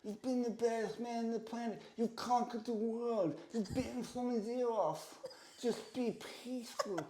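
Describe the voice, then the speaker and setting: A man with a Northern Irish background putting on a high-voiced, soft-spoken boxer who muses about his life. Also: steady tone, normal speed, echoey room, slight background noise. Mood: musing.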